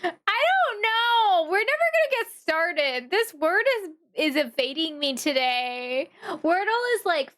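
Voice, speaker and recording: A woman live-streaming a game, chatting to her viewers in an animated, exasperated way and muttering to herself as she changes settings. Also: extremely high pitch, measured pace. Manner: animated and exasperated, talking to chat, swinging from grumbling to shrieking. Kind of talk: live-stream chat while gaming.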